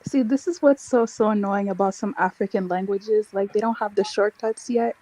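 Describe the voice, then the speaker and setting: A woman in a casual chat, frank and animated. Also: mid-range voice, moderate pace, rough recording.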